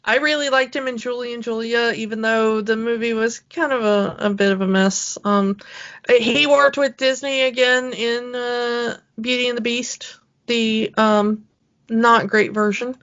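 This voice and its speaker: A woman co-hosting a podcast in casual chat, rambling with many fillers and quick laughs. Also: on the high side, steady tone, fairly bright tone, highs cut off. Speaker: podcast co-host.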